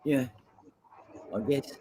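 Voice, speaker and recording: A man in casual chat, lively and blunt. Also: takes it slowly, a little hiss or hum.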